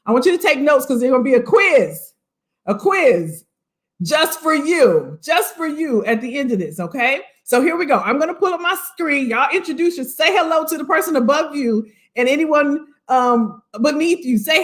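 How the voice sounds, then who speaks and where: A woman career coach presenting on a livestream, chatty and animated, talking straight to her viewers as she sets up her slides. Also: sits high, normal speed.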